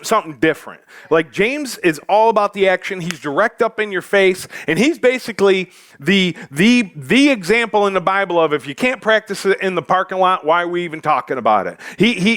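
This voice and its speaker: A man's voice: sits high, a bit bright, no echo, studio quality. A male pastor preaching a sermon in a church, joking with the congregation in a loose, conversational way full of fillers.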